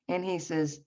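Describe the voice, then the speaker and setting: A woman casually telling a personal story, laughing often and restarting her sentences. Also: on the low side. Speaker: guest sharing a personal story. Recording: dull lo-fi sound.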